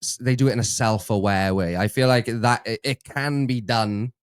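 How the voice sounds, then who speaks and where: A man's voice: mid-range voice, moderate pace, smooth, no echo. A man co-hosting a casual chat, laid-back and laughing easily.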